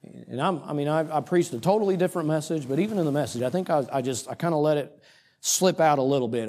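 A middle-aged man preaching, telling a story about himself in an animated, self-mocking way with quoted asides. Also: a little high, fast. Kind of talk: storytelling sermon.

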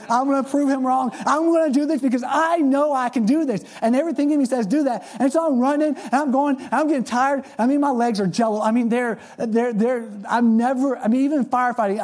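A middle-aged man preaching a sermon, telling a personal story in an animated way and often repeating words as he starts a sentence. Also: high-pitched.

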